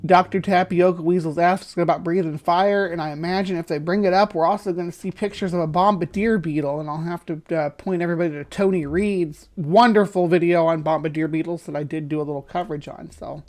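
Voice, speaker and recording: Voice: medium pitch, steady tone, brisk, hardly any pauses, a little mellow. A livestream host giving casual, rambling commentary on a video, stopping to correct and qualify points.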